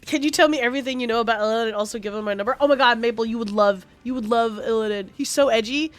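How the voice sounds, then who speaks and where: A woman's voice: fairly high pitch, very fast, faint music behind. A woman streaming a game, chatting casually in a rambling, profane and passionate way. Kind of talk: casual gaming stream chat.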